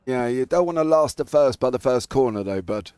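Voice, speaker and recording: A man's voice: medium pitch, lively intonation, fairly quick, darkish tone, clean tone, no echo. A British man doing chatty live commentary on a sim race, reading out the grid and talking with his co-host. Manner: chatty, laughs easily, calls out names.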